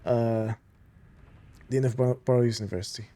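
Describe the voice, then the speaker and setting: A man doing casual let's-play commentary, switching between reading in-game documents aloud and gushing fan asides. His voice sits at an ordinary mid pitch. He talks in a relaxed, conversational way. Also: moderate pace. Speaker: gamer playing through a story game.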